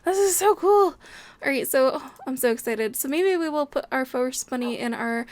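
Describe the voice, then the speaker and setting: A young woman hosts a Minecraft let's play, her high voice animated at a normal speed with no echo. She chats casually through the gameplay commentary, gushing with delight and often gasping and laughing.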